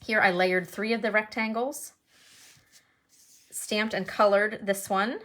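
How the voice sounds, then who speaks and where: A woman talks through her handmade cards in a relaxed show-and-tell. She is chatty and enthusiastic and thinks aloud as she goes. Her voice sits at an ordinary middle pitch. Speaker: card-making demonstrator. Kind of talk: casual show-and-tell crafting video.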